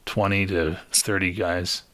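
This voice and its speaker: Deep, slow-talking male game master. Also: flat delivery, a bit bright. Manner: laid-back, chuckling, many fillers. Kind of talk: narrating a tabletop game.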